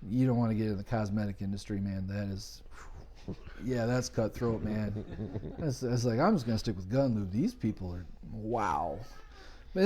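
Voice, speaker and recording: A man's voice: on the low side, slight background noise. A man guest on a podcast, chatting casually and acting out the voices of people in his stories. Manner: animated storyteller, acts out quoted voices. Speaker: podcast guest, business owner. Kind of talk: casual storytelling chat.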